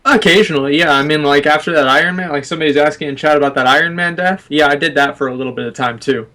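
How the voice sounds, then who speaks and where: A man's voice: fairly high pitch, quick pace, pushed and bright. A man guesting on a podcast, tossing off dry jokes. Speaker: guest streamer. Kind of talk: casual podcast chat.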